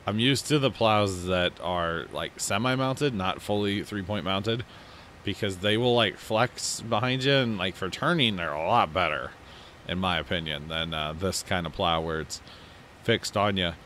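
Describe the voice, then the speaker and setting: A man's voice: deep voice, unhurried, a bit bright, slight background noise. Sleepy rambling man commenting on gameplay. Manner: rambling, self-mocking, yawning. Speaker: let's play host.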